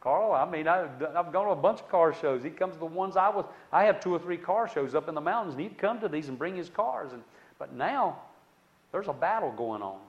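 A man telling a personal testimony story in a conversational way, with dramatic swings between loud and hushed delivery and many asides to the listener. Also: a little high, expressive, brisk, highs cut off.

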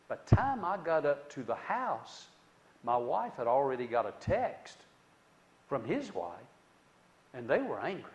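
A man telling a personal testimony story in a conversational way, with dramatic swings between loud and hushed delivery and many asides to the listener. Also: medium pitch, muffled recording.

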